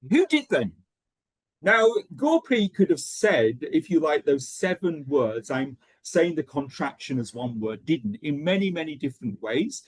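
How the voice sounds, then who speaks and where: A man's voice: a little high, unhurried, few pauses, slightly rough, no echo. A man leading an online teacher-training lesson, checking in often with "okay" as he explains. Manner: lively, checks in with frequent "okay".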